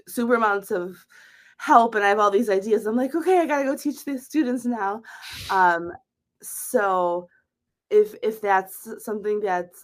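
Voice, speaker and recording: Upbeat woman with a Wisconsin accent. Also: on the low side. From United States. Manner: upbeat, earnest, repeats words. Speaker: teacher and course member. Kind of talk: casual video call chat. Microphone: video call.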